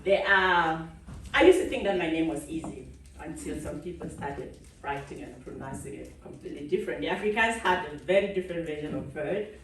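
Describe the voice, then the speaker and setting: A woman from Cameroon giving a lively conference keynote, laughing often and chatting with the audience on stage. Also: low-pitched, brisk, a little hiss or hum. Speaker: keynote speaker. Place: large conference hall. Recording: echoey hall, speaker far from the mic.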